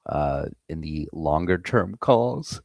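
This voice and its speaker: A man's voice: low-pitched, creaky, dark tone, no echo, studio quality. An American man hosting a live trading stream, chatting casually and swearing freely while reading the chat. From United States. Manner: loose, profane, chatting with viewers.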